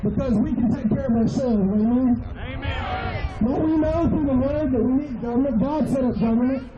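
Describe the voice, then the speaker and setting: A man's voice: extremely high pitch, normal speed, highs cut off, a crowd in the background. A man speaking to a gathering in a sermon-like way, calling for amens.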